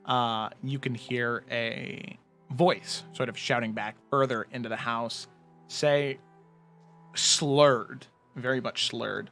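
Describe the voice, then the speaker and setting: A man narrating a tabletop role-playing game as game master, in a relaxed way with many fillers. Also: mid-range voice, takes it slowly, soft background music.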